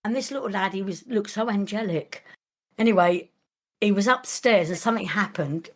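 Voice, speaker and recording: A woman's voice: medium pitch, moderate pace. An older woman, a grandmother telling rambling stories in casual chat, often restarting her sentences. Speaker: podcast guest, grandmother. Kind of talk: casual storytelling.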